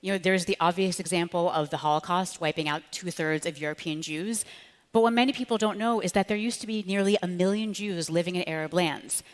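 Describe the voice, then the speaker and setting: A woman's voice: fairly low pitch, fairly quick. A woman author speaking with passion in an onstage conversation, animating her points by acting out the voices she quotes. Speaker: author and speechwriter, guest. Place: large hall with live audience. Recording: long hall reverb.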